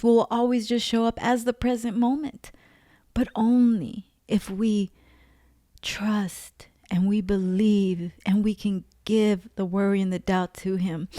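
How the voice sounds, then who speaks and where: A woman's voice: mid-range voice, dark tone, no echo, studio quality. A woman giving an earnest, emotional spiritual testimony, repeating phrases for emphasis. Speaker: faith vlogger.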